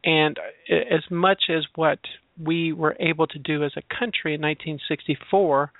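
A transgender educator reflects aloud on labels, his voice slightly high, steady, and at a normal speed. He explains his views in a searching way, drawing on personal examples. The audio is tinny and dry, like a phone line.

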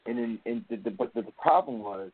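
A man co-hosting a faith talk show, speaking in a reflective, earnest and halting way. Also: mid-range voice, expressive, slightly rough, dry recording. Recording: dry phone-like lo-fi audio.

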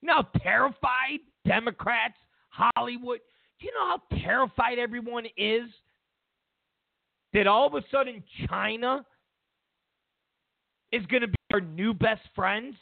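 A man's voice: very high voice, unhurried, gravelly, long pauses, no echo. A man hosting a political commentary show, talking emphatically and mockingly, often repeating himself. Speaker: host. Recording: dry, tinny phone-like sound.

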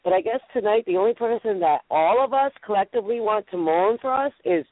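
A woman's voice: medium pitch, lively intonation, fairly quick, dry recording. A woman with a New England accent hosting a casual chat show, playful and rambling with lots of fillers. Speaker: radio show host. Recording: tinny phone line, dry.

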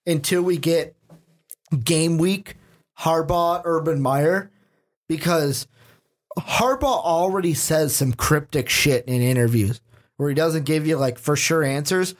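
An eager male podcast host who rambles through sports talk with plenty of jokes. His voice sits a little high for a man. The chat stays loose and casual. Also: unhurried.

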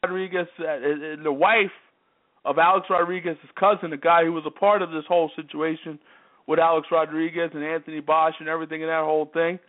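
The voice is a little high, brisk, and flatly delivered: a sports radio host on a worked-up, repetitive monologue that keeps drilling the same phrases. It comes across as tinny phone-line sound.

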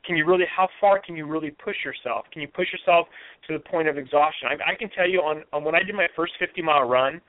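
A man's voice: a little high, quick pace, no room sound. Earnest man on a tinny phone line. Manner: earnest, reflective, with frequent restarts. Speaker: guest. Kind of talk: conversational interview.

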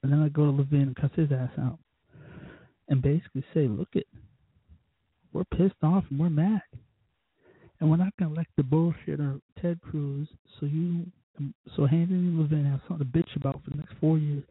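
Profane ranting man, tinny and husky. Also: a little high, fairly even intonation, brisk, dry recording. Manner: heated, cursing, mocks others in put-on voices. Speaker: show host. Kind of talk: profane political rant. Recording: dry, tinny phone-like sound.

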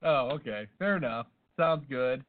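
A man co-hosting a comedy podcast, riffing in casual banter with a deadpan, absurd manner. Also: mid-range voice, unhurried. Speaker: podcast co-host. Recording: tinny phone-like sound.

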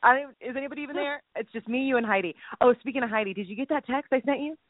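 A woman co-hosts a faith podcast by phone, chatting casually in a jokey, rambling way. Her slightly high voice runs very fast over a tinny, dry phone line.

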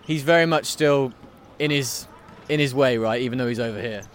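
A man's voice: mid-range voice, fairly quick, slight background noise. A man, hosting a sports podcast interview at an arena, asking questions in a teasing, conversational way. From England. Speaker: podcast host. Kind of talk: casual interview chat. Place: sports arena after a game.

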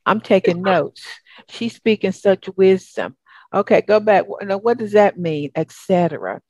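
A woman's voice: medium pitch, measured pace, mellow, dry recording, lo-fi sound. A woman with a Southern US accent hosting a talk show, effusive and encouraging, with a spiritual bent. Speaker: host. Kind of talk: upbeat talk show chat.

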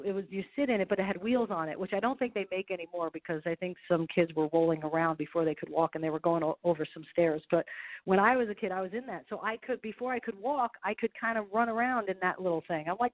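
A middle-aged woman, a golf professional and speaker, talking as an upbeat, motivational radio interview guest. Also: medium pitch. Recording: tinny phone line.

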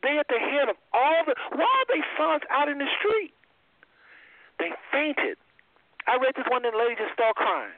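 A man hosting a call-in show who teaches from the Bible, preaching emphatically and swinging his voice high and low. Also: very animated, moderate pace, no room sound. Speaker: host. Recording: tinny phone line.

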